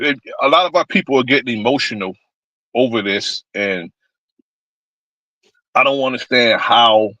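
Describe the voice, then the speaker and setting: A man's voice: mid-range voice, bright, forceful tone, no echo, highs cut off. A man on a live stream giving a blunt, rambling political rant, cursing freely. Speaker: stream panelist.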